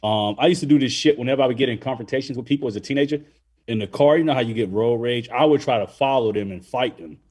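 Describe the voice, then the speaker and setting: A man's voice: mid-range voice, fast talker, a little mellow. An adult man telling a rambling, profane story in casual podcast chat. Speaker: podcast host.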